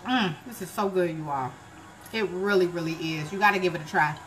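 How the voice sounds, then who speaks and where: A woman hosting a live cooking stream, chatting casually with her viewers and breaking into joyful shouts of praise. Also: on the low side, a little fast, a little hiss or hum. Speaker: cooking show host. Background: gospel music playing.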